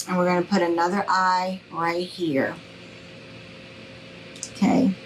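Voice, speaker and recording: A middle-aged woman leads a live craft tutorial at an unhurried pace. She chats warmly with her viewers, greets them by name and keeps reassuring them. A faint hiss sits under her voice. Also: lowish voice, little pitch movement, rough recording. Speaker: craft instructor.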